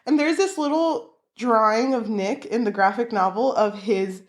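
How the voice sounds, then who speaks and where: Animated young woman chatting about books. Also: normal speed. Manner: animated, swears, acts out quotes with big pitch jumps. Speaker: podcast co-host. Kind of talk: casual book chat.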